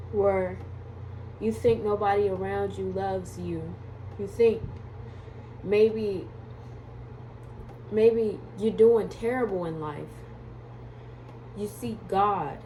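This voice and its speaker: Woman family vlogger, slow-paced, background noise; swings from baby talk to earnest faith talk. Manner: coos in a high baby-talk voice to her children; earnest, preachy testimony about faith. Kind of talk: casual family vlog and personal testimony.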